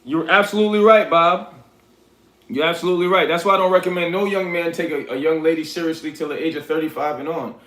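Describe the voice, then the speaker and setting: A man's voice: fairly high pitch, a bit bright, reverberant. A man with a New York accent hosting a casual livestream, reading viewers' comments aloud and coaching them bluntly. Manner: reads chat aloud, coaching and scolding viewers. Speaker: livestream host.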